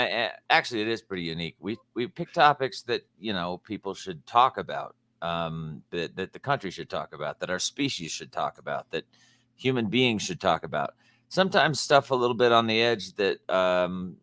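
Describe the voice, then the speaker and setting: Low-voiced joking male talk host. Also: lively intonation, normal speed, a bit bright, no room sound. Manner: joking, crude, rambling with restarts. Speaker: show host. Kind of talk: casual podcast chat.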